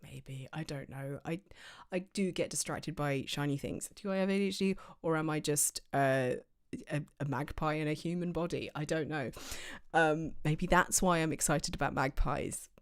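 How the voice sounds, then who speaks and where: Woman streamer, low voice, chatty and meandering, casual home stream. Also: moderate pace. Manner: rambling, chatty, full of fillers and tangents. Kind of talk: casual livestream chat. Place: home office.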